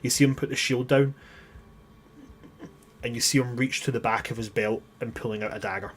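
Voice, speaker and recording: A man's voice: mid-range voice, steady tone, a little fast, a bit bright. A man acting as game master, narrating a tabletop game in vivid, grisly detail, sometimes restarting his sentences.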